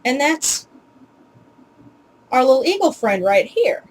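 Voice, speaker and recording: A woman hosting a relaxed home tutorial, speaking in a fairly high voice. She talks in a chatty, unscripted way, filling pauses with ums and uhs. Her asides are wry and a little exasperated. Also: slight background noise, rough recording. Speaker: video host teaching pronunciation.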